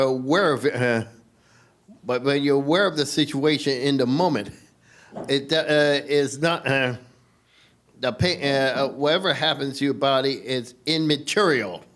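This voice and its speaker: A man answering a question in church, halting and full of hesitations. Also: medium pitch, fairly bright tone. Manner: halting, many uhs. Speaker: congregant.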